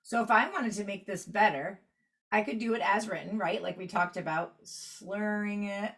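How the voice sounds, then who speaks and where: Woman clarinet teacher on a video call, patient step-by-step explainer, mid pitch. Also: normal speed, fairly bright tone. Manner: explanatory, walks through steps while annotating. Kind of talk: online workshop lesson.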